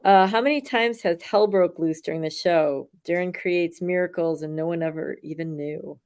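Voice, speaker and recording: A woman with a slightly low voice hosts a relaxed interview. She reads out viewer questions in an easy, chatty manner. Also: normal speed, clear, resonant tone. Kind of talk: casual interview chat.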